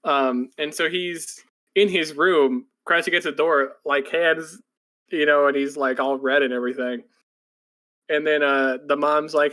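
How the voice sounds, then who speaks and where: A man's voice: fairly even intonation, a little slow, a bit bright. A man co-hosting a podcast, casually retelling an anime plot in a rambling way, full of "like"s, and now and then slipping into breathless character voices. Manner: rambling, filler-heavy storytelling with many "like"s; jumps into breathless, high-pitched voices when quoting characters. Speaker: podcast co-host.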